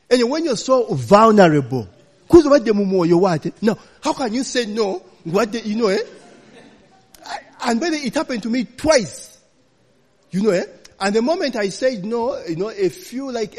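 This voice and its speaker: A man's voice: sits high, a little mellow, husky, long reverb tail. A man preaching a storytelling sermon, chatty and laughing, often tagging lines with "you know, eh?".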